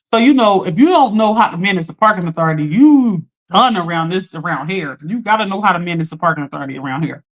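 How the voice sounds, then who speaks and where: A woman hosting a live stream, telling a story in an animated, chatty way, talking straight to her viewers and laughing often. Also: on the low side, quick pace. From Philadelphia. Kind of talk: casual storytelling to a live audience.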